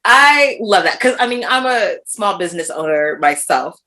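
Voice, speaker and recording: A woman's voice: mid-range voice, lively intonation, normal speed, bright, forceful tone. A woman hosting a casual interview, effusive and enthusiastic, often laughing as she talks. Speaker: podcast host, nonprofit founder.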